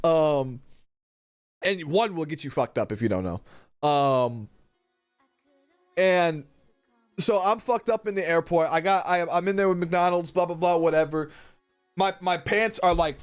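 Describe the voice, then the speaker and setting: Brief: young male streamer, high voice, swears constantly, rambles and cracks up, faint music behind. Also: measured pace. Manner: profane, rambling, laughs a lot. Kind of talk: casual storytelling on a live stream.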